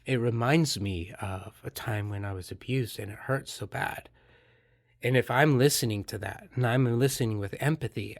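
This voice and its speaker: A man hosting a podcast, explaining in an earnest, gentle way and acting out calm dialogue. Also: mid-range voice, normal speed, no echo, studio quality. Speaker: podcast host and therapist. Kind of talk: reflective podcast monologue.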